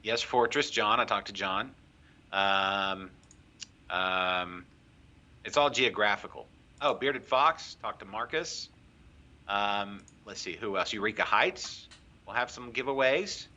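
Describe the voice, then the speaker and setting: A man hosts a live beer show in a loose, rambling way, pausing often with fillers. His voice is bright and fairly low. The stream audio sounds a little dull. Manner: rambling, chatty, lots of fillers. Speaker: co-host of a craft beer show. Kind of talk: casual live-stream chat.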